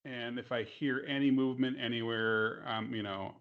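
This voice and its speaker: A man's voice: medium pitch, steady tone, moderate pace. A man playing a tabletop game, eagerly asking his game master a string of questions. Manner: eager, asks many questions. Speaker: player. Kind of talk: casual tabletop play. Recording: dull lo-fi mic.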